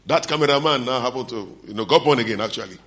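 A man's voice: fairly low pitch, rapid-fire, a bit bright. A middle-aged man preaching a sermon as a pastor, telling stories and acting out the dialogue of the people in them. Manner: storytelling preacher, acting out dialogue, laughing between lines.

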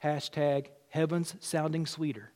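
Man, Southern accent, pastor, sermon, high voice, rises loud then drops quiet. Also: steady tone, a little slow. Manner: preaching with swings from loud to hushed.

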